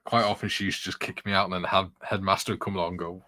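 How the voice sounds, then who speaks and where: A man's voice: sits low, level tone, very fast, sharp tone, no room sound. A man chatting casually at home, telling rambling anecdotes and reading out viewer comments, laughing often. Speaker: scale model builder, co-host. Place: home room with curtains closed.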